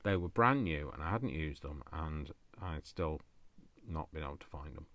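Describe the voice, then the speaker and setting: Deep-voiced man chatting while crafting. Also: expressive, normal speed, fairly bright tone, no echo. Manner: rambling, talks to himself, jokey asides. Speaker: crafting video host. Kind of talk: casual chat while crafting.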